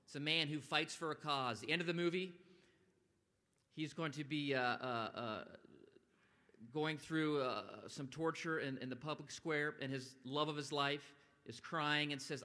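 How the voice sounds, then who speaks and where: A man delivers a motivational talk in a large atrium, his voice bright and forceful. His pitch sits a little high for a man, and his delivery is animated, rising into loud bursts when he quotes. A long reverb trails every phrase. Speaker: event speaker. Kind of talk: motivational speech. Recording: long echo of a large hall.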